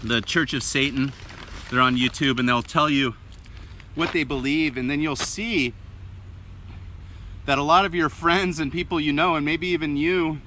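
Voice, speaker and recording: A man's voice: on the high side, normal speed, pauses often, bright, forceful tone. A man hosting a live video, talking casually and rambling with many fillers while walking uphill and out of breath. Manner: rambling, full of fillers and asides. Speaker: host of a live video channel. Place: outdoors, walking up a hill. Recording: outdoor traffic noise. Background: street and vehicle noise.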